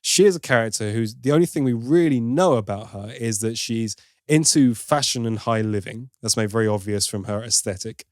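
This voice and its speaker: A man's voice: medium pitch, brisk, darkish tone, no room sound, studio quality. A man hosting a film review podcast, giving opinionated, wry critique in casual chat with plenty of asides.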